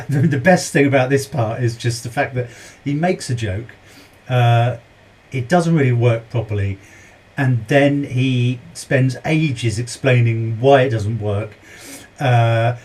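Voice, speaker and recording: A man's voice: mid-range voice, a little mellow. A British man hosting a reaction video, chatting casually with lots of ums and restarts, gushing about what he just watched. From Britain. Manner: hesitant, full of ums, gushing.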